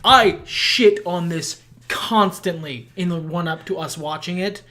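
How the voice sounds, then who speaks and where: A man with a high, nasal voice co-hosting a podcast in casual chat, blunt and self-deprecating, swearing freely. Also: a little slow, bright, forceful tone. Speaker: podcast co-host.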